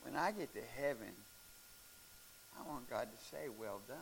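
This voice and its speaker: A middle-aged male pastor telling stories in a sermon, animated and breaking into shouts and laughs at the peaks of a story. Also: mid-range voice, moderate pace, gravelly. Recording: faint hiss.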